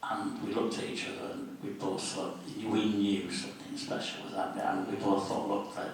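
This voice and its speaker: A man in his seventies, a guest at a public meeting, telling anecdotes in a lively storyteller's way and briefly voicing the people he quotes. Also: deep voice, normal speed, vocal fry, a little hiss or hum. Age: 70s. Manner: lively raconteur, acts out quoted voices. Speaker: interview guest, former student union officer. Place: civic meeting hall. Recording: very echoey hall, distant mic.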